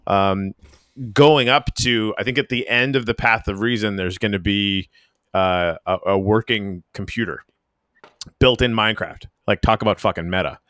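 A man with a very deep voice hosts a relaxed podcast conversation, wandering through his thoughts with plenty of "um"s and restarts. He is from the Canadian Arctic, and the sound is close and dry with no room echo. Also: normal speed. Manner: rambling, many fillers and restarts. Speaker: podcast host. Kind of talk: casual podcast chat.

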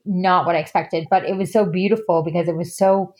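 A woman's voice: fairly low pitch, fairly even intonation, fairly quick, darkish tone. A woman in her thirties, a podcast guest telling a personal story in a candid, chatty way, full of "like" and "you know". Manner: chatty, heavy use of fillers like "you know" and "like".

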